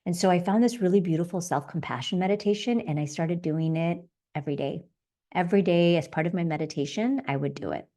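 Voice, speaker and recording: Woman with a low, mellow voice. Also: brisk. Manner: gentle, guiding with repeated affirmations. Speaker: podcast host. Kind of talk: self-help teaching talk.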